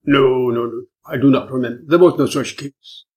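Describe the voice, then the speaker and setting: A man's voice: medium pitch, steady tone, normal speed, darkish tone, lightly acted. Man doing a sly amused detective, dry teasing tone, knows more than he says. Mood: wry.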